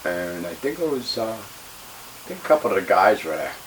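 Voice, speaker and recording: A man's voice: lowish voice, big pitch swings, moderate pace. A man telling a wrestling story in an interview, heated, emphatic and profane. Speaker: retired pro wrestler. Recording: distant mic with faint hiss.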